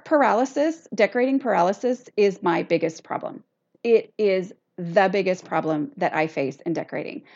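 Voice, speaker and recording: A middle-aged woman hosts her podcast alone, telling stories in a chatty, self-deprecating way. Her voice sits at an ordinary pitch, and the recording sounds dull and lo-fi. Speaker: podcast host. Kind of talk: casual solo podcast chat.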